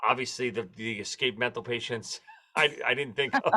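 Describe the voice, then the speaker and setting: A man's voice: medium pitch, moderate pace, a crowd in the background. A man as a guest in a casual chat, reminiscing with enthusiasm and ribbing his friends. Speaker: returning guest.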